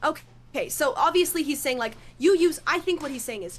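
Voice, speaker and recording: A woman's voice: high-pitched, expressive, fast, slight background noise. A woman in a heated debate, insistent and argumentative, often restarting her sentences. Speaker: debate guest.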